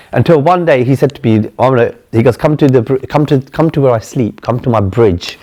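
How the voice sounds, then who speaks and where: A man's voice: mid-range voice, expressive, fast, hardly any pauses, mellow. A middle-aged man with a London accent, a charity chief executive earnestly telling stories in an interview, often restarting his phrases. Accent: London English. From England. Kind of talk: storytelling in an interview.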